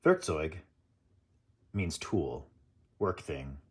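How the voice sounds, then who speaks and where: A man's voice: fairly low pitch, slow pace, sharp tone, breathy edge. A man hosting his tool channel, chatting casually and nerdily through an unboxing and correcting himself as he goes. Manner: chatty, nerdy, self-correcting.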